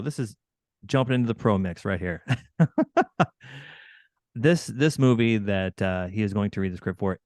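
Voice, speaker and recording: Eager low-voiced male podcast host. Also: darkish tone, no room sound, studio quality. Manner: eager, encouraging. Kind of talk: casual interview chat.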